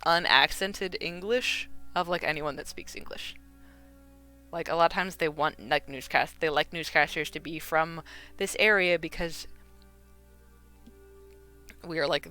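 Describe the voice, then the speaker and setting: A woman's voice: lowish voice, bright, forceful tone. A woman with a Midwestern American accent chatting casually on a live stream while she crafts, rambling and filling with "like" and "you know.".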